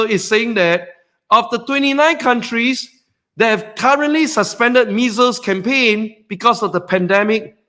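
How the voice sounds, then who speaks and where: A man hosting a stock trading webinar in a motivational style, excitable, shouting and whooping for emphasis, then dropping low and earnest for serious points.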